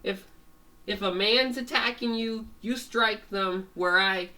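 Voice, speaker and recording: Casting note: cocky male mecha hero, pitched up and slow, voiced by an amateur storyteller. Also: pushed and bright. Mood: boastful. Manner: boastful, drawn-out lines.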